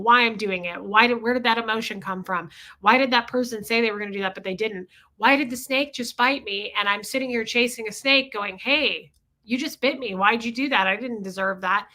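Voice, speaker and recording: Bright-voiced woman in her forties. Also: a little high. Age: 40s. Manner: candid, confessional, swears casually. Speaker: livestream host reading chat. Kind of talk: casual livestream talk.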